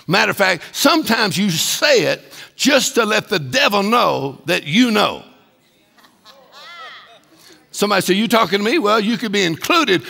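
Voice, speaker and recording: High, lively, gravelly-voiced man preaching. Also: in a large hall. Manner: emphatic preaching that swells into shouted declarations. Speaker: guest preacher. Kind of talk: sermon.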